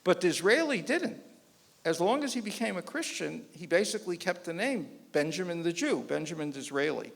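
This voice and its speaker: A man's voice: sits high, moderate pace, creaky. A man, a rabbi, giving a public lecture and telling jokes, acting out the voices of the people in them. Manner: animated joke-telling with quoted voices. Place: lecture hall before an audience. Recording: long hall reverb.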